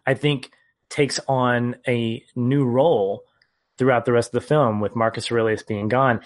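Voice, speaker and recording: A man co-hosting a casual film podcast, earnestly retelling scenes and his reactions. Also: mid-range voice. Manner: earnest, storytelling recap. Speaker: podcast co-host.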